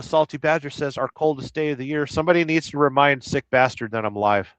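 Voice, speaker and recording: A man's voice: medium pitch, a little fast, a bit bright, clean tone, no echo. A middle-aged man from Southern California who drives a truck and rambles crudely through viewer comments in a casual live stream, humming nonsense syllables between them. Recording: slightly dull lo-fi sound.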